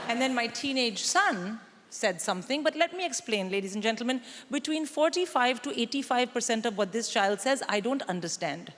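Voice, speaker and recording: A woman in her forties works a theatre crowd with dry, punchy storytelling. Her voice sits a little high. Long hall reverb and clear audience noise surround her handheld mic. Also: animated, normal speed, fairly bright tone. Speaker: stand-up comedian. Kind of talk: stand-up comedy set. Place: large theatre stage.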